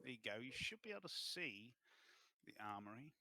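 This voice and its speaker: Bright-voiced, casual game master. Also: male voice, mid-range voice, big pitch swings, fairly quick, gravelly, no room sound. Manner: casual, hesitant, with many ums and frequent swearing. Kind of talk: running a tabletop role-playing game.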